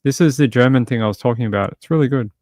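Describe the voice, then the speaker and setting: A man's voice: mid-range voice, racing, a little mellow, no echo, clean studio sound. A male livestream host in casual late-night chat, reading viewer comments aloud and rambling with jokey asides. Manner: chatty and rambling, many fillers and restarts.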